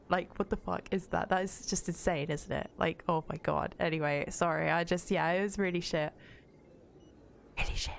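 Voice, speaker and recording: A woman's voice: on the low side, normal speed, gravelly, pauses often, a little hiss or hum. A young woman streaming a game, chatting bluntly with viewers and swearing freely. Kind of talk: casual gaming stream chat.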